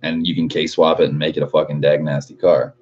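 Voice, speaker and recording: A young man in his late twenties, with a very low voice and a fairly quick pace, reads chat on a livestream. He's laid-back, swears a lot and laughs often, and the audio is dull and lo-fi.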